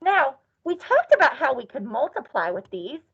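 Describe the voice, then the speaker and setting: A high-voiced woman leads an online class, chanting and cheering in a playful, sing-song manner. The recording sounds dull and lo-fi. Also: very animated, normal speed, gravelly, fairly bright tone. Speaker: teacher. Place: classroom or office.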